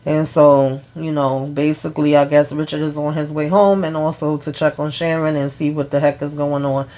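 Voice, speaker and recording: A woman's voice: deep voice, level tone, normal speed, warm tone. A woman casually recapping a TV episode, chatty and full of fillers, retelling scenes line by line. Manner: forgetful of names, laughs at herself. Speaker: TV recap vlogger.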